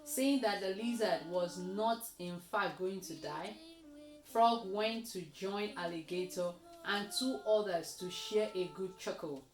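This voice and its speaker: A woman reading a children's story aloud, slowly and expressively, as host of a kids' reading session. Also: mid-range voice, roomy sound. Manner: slow, expressive read-aloud with lively voices.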